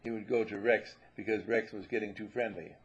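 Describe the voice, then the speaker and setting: A man's voice: lowish voice, fairly even intonation, fairly quick, slightly rough, highs cut off. A man giving a spiritual talk, musing and telling stories, and sometimes repeating himself. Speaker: spiritual teacher.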